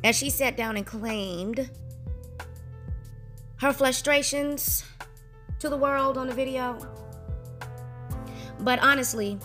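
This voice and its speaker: A woman's voice: high-pitched, takes it slowly, pauses often, sharp tone, soft background music. A woman narrating a gossip news recap, reading plainly from a script. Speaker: channel host, narrator. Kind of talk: read-aloud news recap.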